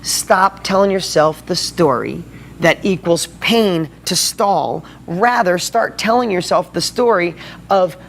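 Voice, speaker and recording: A man's voice: high voice, slow pace, gravelly, a little hiss or hum. Guy hosting a motivational vlog, all pumped up, talks right to the camera viewers. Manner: excited, fired-up motivational delivery. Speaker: video blog host. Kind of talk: motivational video blog.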